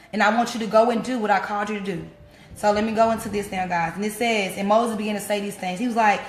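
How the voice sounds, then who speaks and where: A woman's voice: mid-range voice, fairly even intonation, quick pace. A woman preacher giving an informal sermon straight to her listeners. She talks in plain, everyday words and keeps repeating her key phrases. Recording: echoey room.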